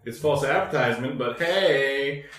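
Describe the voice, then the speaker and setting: A man co-hosts a podcast in loose, joking chat. He is crude and swears constantly. His voice is mid-pitched and has a roomy, echoing sound. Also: a little slow, fairly bright tone. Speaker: podcast co-host. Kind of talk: casual chat. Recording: roomy echo.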